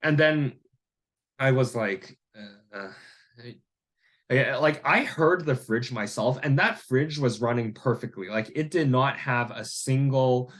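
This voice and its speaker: Male vlogger, average pitch, casual rambling monologue. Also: measured pace, fairly bright tone. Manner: rambling, heavy use of "like" and "you know". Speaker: vlogger and landlord.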